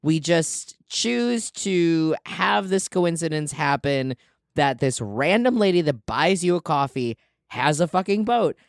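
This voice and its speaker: Slow, animated podcast guest ranting. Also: mid-range voice, creaky, no room sound, clean studio sound. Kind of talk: casual chat.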